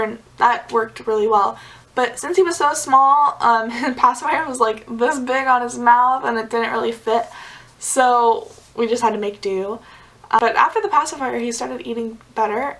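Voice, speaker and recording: A young woman talks straight to her viewers in a relaxed, chatty vlog. Her voice sits a little high, and she fills her sentences with "like" and quick giggles. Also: poor audio. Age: young adult. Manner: chatty, many "like" fillers, giggly asides. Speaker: vlogger. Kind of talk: casual storytelling to camera.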